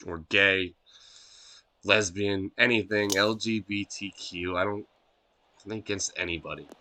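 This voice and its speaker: A man's voice: on the low side, fairly even intonation, a little slow, bright, forceful tone. A man streaming a video game live, ranting casually and swearing a lot in a scornful tone.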